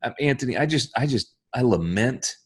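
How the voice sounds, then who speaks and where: A man who is a lead pastor, talking earnestly in a halting, apologetic way and repeating words as he searches for them. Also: medium pitch, expressive, slightly rough. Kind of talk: earnest conversation.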